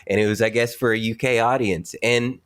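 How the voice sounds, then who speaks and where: A man co-hosting a TV recap podcast, talking loosely with plenty of fillers and restarts. His pitch sits in the everyday middle, and he chuckles through his points. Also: steady tone, a little fast. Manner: rambling, hesitant, laughs often. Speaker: podcast co-host. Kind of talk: casual chat.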